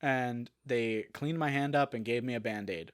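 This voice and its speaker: A young man talks through a story as an interview guest, at an average pitch. His telling is animated and loose, full of fillers, quick restarts and acted-out quotes. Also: clear, resonant tone. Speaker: guest, actor.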